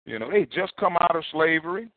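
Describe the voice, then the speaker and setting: A man preaching a sermon, in a lively conversational style that repeats and restarts phrases. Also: on the high side, a little fast, no echo. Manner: animated, repetitive, conversational preaching. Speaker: pastor. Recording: tinny phone-like sound.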